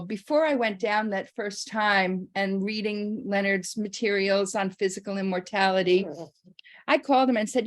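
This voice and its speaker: Woman, middle pitch, halting storyteller with many restarts and frequent laughs, casual memorial share. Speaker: participant sharing memories.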